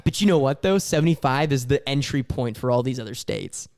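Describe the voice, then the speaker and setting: A man's voice: mid-range voice, lively intonation, a little fast, a little mellow. A man co-hosting a podcast, talking in a laid-back, jokey, slangy way. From Florida. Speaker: podcast co-host. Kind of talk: casual chat.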